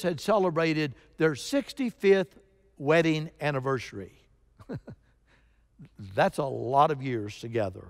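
A man preaching a sermon as pastor, telling a story with sudden emphatic rises in his voice. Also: a little high. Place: church sanctuary. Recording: long reverb of a church sanctuary.

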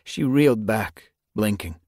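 A man narrating an audiobook in a measured storytelling manner. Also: lowish voice, lively intonation, darkish tone, no room sound, clean studio sound. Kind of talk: scripted narration.

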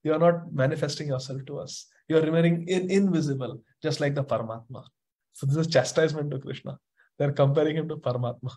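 A man giving a devotional scripture class, chanting verses and explaining them with lively emphasis. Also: fairly high pitch, fast talker. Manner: animated, chants verses and mixes in Hindi phrases. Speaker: spiritual teacher.

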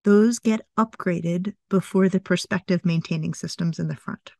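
A middle-aged woman psychologist, a guest in an interview, explaining things calmly step by step. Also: lowish voice, moderate pace, creaky, dry recording.

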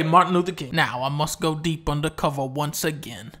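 A man giving comedic gameplay commentary, profane and mocking, dropping to low mutters and then bursting into shouts. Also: brisk, few pauses.

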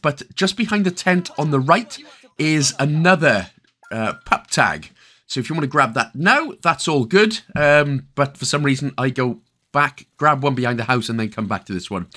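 A man's voice: mid-range voice, expressive, moderate pace, sharp tone. A man from Wales with a Welsh accent, giving a chatty, jokey game walkthrough full of rambling asides. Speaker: gaming video host. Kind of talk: casual game walkthrough commentary.

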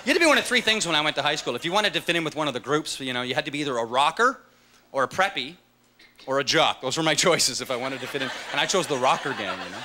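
A man performing a stand-up comedy set on stage, animated and swinging into loud high-pitched voices for his characters. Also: fast. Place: comedy club stage with a live audience. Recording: live stage recording with loud audience noise.

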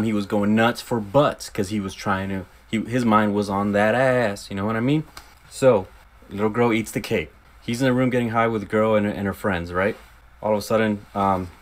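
A young man casually retelling a horror movie's scenes in a profane, animated review, slipping in quick acted quotes. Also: on the low side.

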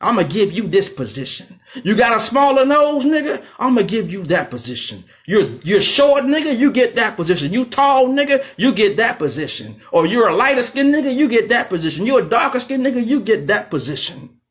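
A man voicing a cruel, menacing male slave overseer who jeers and taunts slowly. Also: very high-pitched, big pitch swings, a bit bright, pitched above the performer's own voice, heavily acted. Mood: taunting. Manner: taunting, jeering, slow and mocking.

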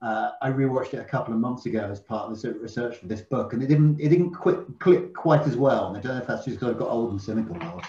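A man from Britain, a journalist asking questions in an interview, quick with hesitant restarts. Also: mid-range voice, mellow, echoey room, dull audio. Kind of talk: interview conversation.

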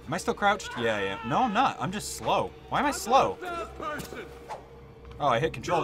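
A young man doing let's-play commentary, excitable and swearing, shouting at the game. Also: on the high side, moderate pace, pauses often. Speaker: gaming YouTuber. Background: game sound and music.

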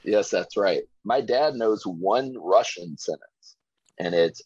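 Deep husky guy from virginia, chill rambling podcast stories, dry muffled sound. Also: animated, normal speed, a little mellow, no echo. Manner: laid-back storytelling, frequent "like" and "you know". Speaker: podcast guest. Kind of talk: casual chat.

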